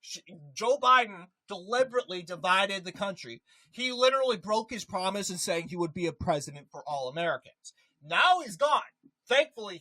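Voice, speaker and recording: A political commentator ranting in an animated, emphatic way, often repeating a point for effect. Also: mid-range voice, poor audio.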